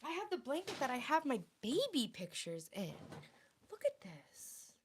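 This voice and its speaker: A woman's voice: sits high, huge pitch swings, normal speed, a little hiss or hum. A woman in her thirties chatting playfully with viewers on a casual home livestream. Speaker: livestream host. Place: home, indoors.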